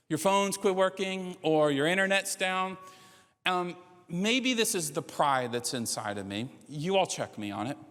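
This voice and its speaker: Playful preacher, conversational, in a church hall. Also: male voice, sits high, fairly bright tone. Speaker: pastor. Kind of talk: sermon with storytelling and humor.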